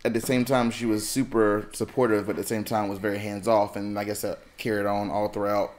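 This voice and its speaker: Man, host, very low voice, casual, quick encouraging replies. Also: little pitch movement, a little mellow. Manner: short encouraging interjections. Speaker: podcast host. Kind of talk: casual interview chat.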